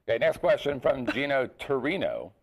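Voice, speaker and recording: A man hosting an interview, reading out listener questions in a casual, lively way. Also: medium pitch, moderate pace.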